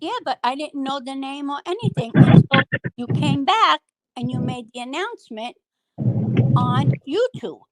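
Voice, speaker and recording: Insistent high-voiced woman defending herself. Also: expressive, normal speed, no echo, soft background music, rough recording. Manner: insistent, demands to finish speaking. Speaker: panel member. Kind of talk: heated argument on an online voice panel.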